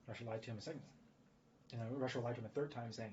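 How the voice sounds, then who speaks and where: Fast-talking rambling man, lo-fi audio. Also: mid-range voice, fairly even intonation, a little mellow. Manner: rambling, many fillers and restarts. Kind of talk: casual spoken commentary. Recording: dull lo-fi audio with faint noise.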